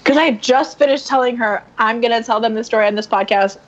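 A woman's voice: a little high, fast. A woman guest on a podcast, telling a story in casual talk and acting out what others said. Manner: animated, acts out quotes. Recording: dull lo-fi sound.

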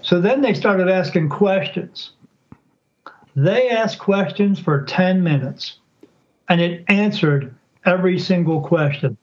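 A psychic appears as a guest on a podcast, telling a story in a casual interview. His voice sits high and his pace is slow, and he animatedly acts out what others said by changing his voice. The audio sounds dull.

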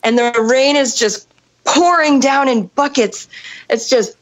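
Brief: a woman with a slightly high voice, casual and foul-mouthed. She acts out every beat of a wild camping story. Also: a little slow, poor audio. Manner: animated, profane storytelling, acting out voices. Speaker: storyteller on a podcast. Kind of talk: casual chat.

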